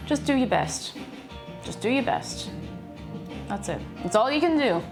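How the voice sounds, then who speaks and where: Lively high-voiced Irish woman. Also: unhurried, music in the background. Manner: chatty and playful, reading out chat messages. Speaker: streamer. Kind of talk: casual cooking livestream chat. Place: home kitchen.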